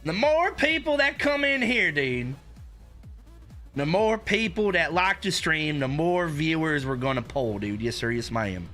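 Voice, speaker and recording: A man's voice: high-pitched, pushed and bright. A young man hosting a live stream in casual chat, hyped and rambling, with lots of filler words.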